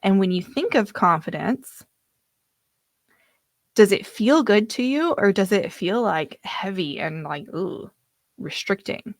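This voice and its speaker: Woman coach rambling thru a live online workshop, a bit gravelly, mid-pitched voice. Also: lively intonation, takes it slowly, no room sound, studio quality. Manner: chatty, loose and self-deprecating, loses her place in her notes. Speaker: personal development coach.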